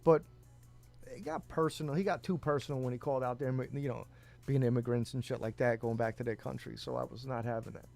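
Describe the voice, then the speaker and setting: A man's voice: mid-range voice, fairly even intonation, brisk, vocal fry, a little mellow, faint music behind. A man co-hosting a casual talk show, telling rambling stories, laughing often and swearing. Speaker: podcast co-host. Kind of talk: casual chat.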